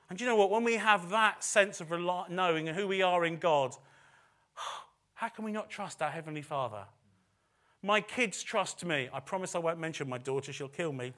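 Preaching at a church service at normal speed, a middle-aged man whose voice sits high and a bit bright talks in a chatty manner, with self-deprecating remarks and repeated phrases for emphasis.

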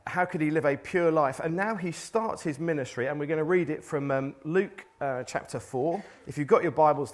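A man preaching a casual sermon, asking the room rhetorical questions and reading scripture aloud. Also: on the high side. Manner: conversational, rhetorical questions, occasional restarts.

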